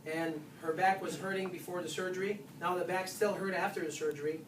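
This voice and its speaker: Animated workshop speaker in a roomy hall. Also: medium pitch, fairly quick. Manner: animated, keeps asking "guess what?". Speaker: chiropractor giving a nutrition workshop. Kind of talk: informal workshop talk to patients. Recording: roomy, distant, faint hiss.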